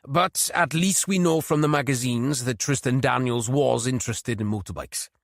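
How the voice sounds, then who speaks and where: A man's voice: mid-range voice, normal speed, gravelly, no room sound, clean studio sound, close to an everyday voice. A man reading an audiobook, voicing a genial, chatty older male detective sergeant.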